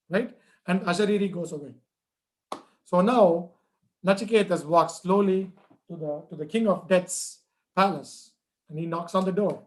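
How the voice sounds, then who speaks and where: Man, children's storyteller, conversational, high-pitched voice. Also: moderate pace, long pauses, darkish tone. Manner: conversational, checks in with listeners.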